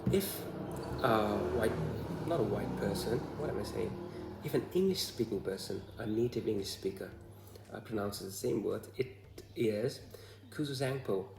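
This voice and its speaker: A man from Bhutan with a Bhutanese accent, talking to the camera in a hesitant, halting way full of fillers. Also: on the low side, vocal fry, reverberant, noisy background. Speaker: vlogger. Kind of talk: casual talk to camera.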